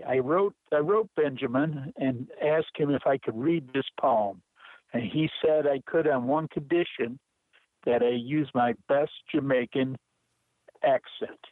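A man from Michigan calling in to a radio show, chatting haltingly before he reads. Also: medium pitch, no room sound. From Michigan, USA. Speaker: caller. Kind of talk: casual chat. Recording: phone line.

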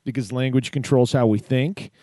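A man hosting a conversation, responding enthusiastically and thinking out loud with restarts. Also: medium pitch, steady tone, moderate pace, no room sound, clean studio sound. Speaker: host. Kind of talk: casual chat.

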